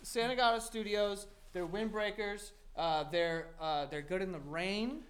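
A man co-hosts a podcast in loose, joking chat. His fairly high voice is smooth and clear, and his wry remarks turn a little defensive when teased. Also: unhurried, fairly bright tone. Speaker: podcast co-host. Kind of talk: casual banter.

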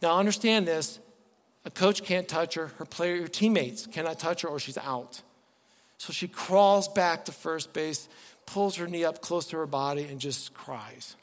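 A man preaching a sermon to his church, animated, moving between loud emphatic lines and soft quiet ones. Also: on the high side, normal speed. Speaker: pastor. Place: church sanctuary. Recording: long hall reverb.

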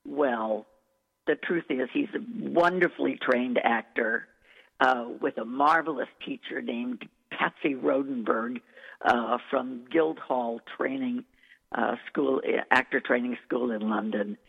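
Woman dialect coach, gravelly voice, effusive, echoey hall sound. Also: very deep voice, slow. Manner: effusive, enthusiastic. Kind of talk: interview storytelling. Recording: echoey, tinny phone-like recording.

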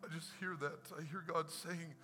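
A male pastor preaching a sermon in a church, swinging from hushed to shouted and repeating phrases for emphasis. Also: fairly high pitch, steady tone, moderate pace. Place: church sanctuary. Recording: church hall reverb with faint music.

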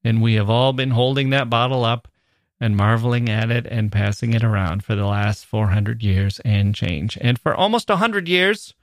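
A man hosting a literature podcast, answering a listener's email and reading lines of verse aloud slowly and deliberately. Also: medium pitch, no echo, studio quality. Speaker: podcast host.

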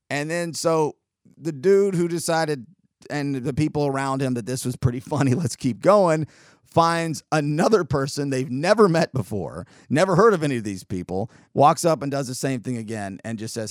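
A man hosting a show, telling a story in a sarcastic, animated way with quick asides. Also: mid-range voice, dry recording, clean studio sound. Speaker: podcast host. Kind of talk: casual storytelling monologue.

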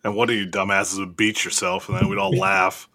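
A man's voice: deep voice, flat delivery, fairly quick, a loud crowd. A man co-hosting a casual podcast, reading out news items and joking around with lots of laughter. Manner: laughs often, jokey. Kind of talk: casual chat.

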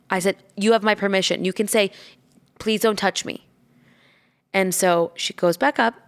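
Chatty, animated woman telling a story. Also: medium pitch, clean tone. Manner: animated, swears freely, acts out quoted lines. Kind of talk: casual storytelling chat.

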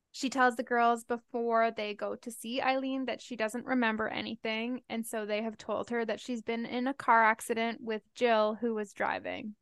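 A woman's voice: a little high, clear, resonant tone, dry recording. A young woman co-hosting a book podcast in casual chat, laughing often and swearing freely as she recaps chapters. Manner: chatty, swears and laughs easily.

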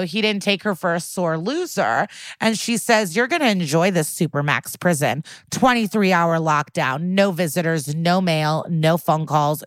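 A woman's voice: on the low side, no echo. A woman co-hosting a podcast, animatedly retelling a TV episode and acting out the quotes in a casual chat. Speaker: podcast co-host.

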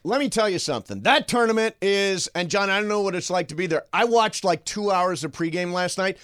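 A man's voice: high voice, fairly quick, a bit bright, smooth, no echo, clean studio sound. A man co-hosting a sports radio show, enthusiastic and joking in casual banter.

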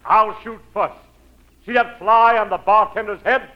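An actor playing a bragging cowboy gunslinger who talks gruffly, on a muffled old recording. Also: male voice, high voice, steady tone, a little slow. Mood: boastful. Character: boastful tough cowboy gunslinger, male adult.

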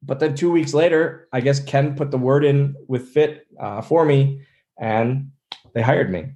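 A man's voice: mid-range voice, unhurried. A man in his thirties, a former wrestler, telling stories in a casual interview and acting out other people's lines. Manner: animated storyteller, acts out quotes.

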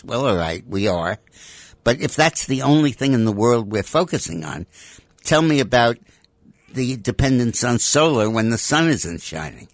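A man with a fairly low voice delivers opinionated radio commentary. He is emphatic and stacks up repeated rhetorical demands. The sound is dry, with no room around it. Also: no echo. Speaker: radio talk show guest commentator.

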